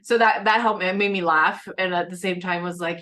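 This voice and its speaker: A woman's voice: fairly low pitch, steady tone, a little fast, bright, forceful tone. A woman hosting a casual conversation over a video call, speaking in a chatty, reassuring way with many fillers. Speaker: host.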